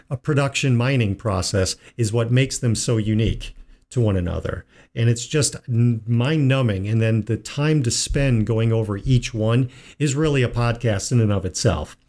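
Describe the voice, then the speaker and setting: A man hosting a financial talk show, telling a joke slowly in a folksy way. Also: mid-range voice, a little mellow. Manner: unhurried, folksy storyteller. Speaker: financial advisor and show host. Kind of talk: casual radio talk with told jokes.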